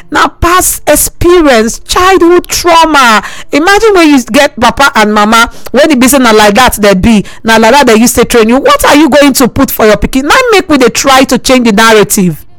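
A woman with a Nigerian Pidgin accent hosts a radio advice segment, her voice high and bright. She talks earnestly and repeats her points for emphasis, and the sound is close and dry. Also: no echo, poor audio. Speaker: radio host. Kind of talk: call-in advice talk.

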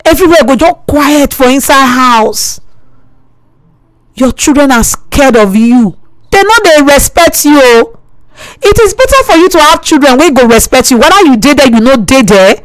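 A woman with a Nigerian Pidgin accent hosts a radio advice segment, her voice high and bright. She talks earnestly and repeats her points for emphasis, and the sound is close and dry. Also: no echo, poor audio. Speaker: radio host. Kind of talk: call-in advice talk.

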